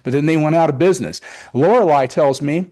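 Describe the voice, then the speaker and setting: A middle-aged man speaks fairly quickly in a higher, dark-toned voice as he gives the town board an enthusiastic, rambling report on the car show he organizes. He often relays conversations during the public meeting.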